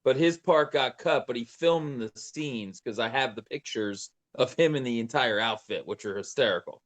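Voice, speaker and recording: A man guesting on a podcast, telling casual stories in a quick, offhand way. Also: mid-range voice. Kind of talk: casual chat.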